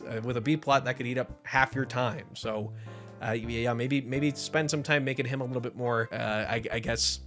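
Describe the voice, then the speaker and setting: A young man giving a casual, profane, animated commentary rant, reviewing a cartoon series to camera. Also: mid-range voice. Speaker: show reviewer.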